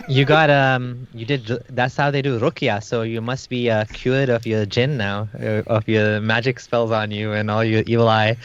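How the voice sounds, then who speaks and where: Brief: mid-pitched man, co-host, sarcastic teasing, smooth voice over dull lo-fi call audio. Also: level tone, moderate pace, few pauses, no echo. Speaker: livestream co-host. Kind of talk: casual livestream chat.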